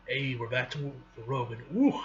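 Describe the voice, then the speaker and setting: Excitable man laughing through a comic reading. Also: medium pitch, moderate pace. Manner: excitable, laughing, stumbling over words. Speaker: comic reader and reactor. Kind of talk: comic book reading reaction. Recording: dull lo-fi recording with faint hiss.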